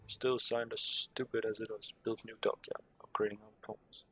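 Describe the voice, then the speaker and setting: Man, low and a bit husky, casual sarcastic gameplay commentary at his desk. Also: flat delivery, moderate pace, fairly bright tone. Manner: muttering, sarcastic asides, swearing. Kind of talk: casual gameplay commentary, reading on-screen text aloud.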